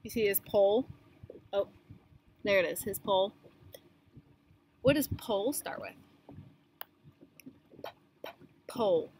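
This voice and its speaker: A woman teaching young children the beginning sounds of words, slowly sounding out each letter and praising them. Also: medium pitch, a little mellow, a little hiss or hum, poor audio. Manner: slow, encouraging, sounds out letters. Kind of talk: phonics lesson for young children.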